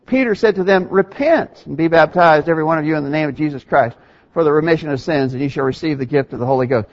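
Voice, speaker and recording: A male preacher delivering a sermon, emphatic, his voice climbing higher and louder to drive points home. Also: fast. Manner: emphatic, rises in pitch and volume for stress. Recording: dull lo-fi recording.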